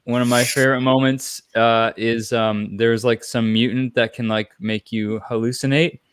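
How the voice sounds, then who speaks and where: A man's voice: mid-range voice, steady tone, normal speed, smooth, no echo, clean studio sound. A man appearing as guest co-host in a casual chat, easygoing and a little hesitant.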